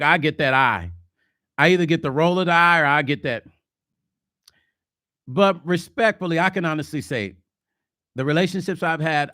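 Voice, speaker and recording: A man hosting a casual livestream vlog, reading viewer comments and talking relationships in a chatty, animated way. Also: on the high side, dry recording, studio quality. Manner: chatty, animated, slips into mock quotes. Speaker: vlog host.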